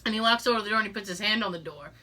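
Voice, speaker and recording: A woman's voice: medium pitch, racing, bright, forceful tone. A middle-aged woman hosting a podcast, telling a story in casual chat, swearing freely and laughing as she talks. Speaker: podcast host.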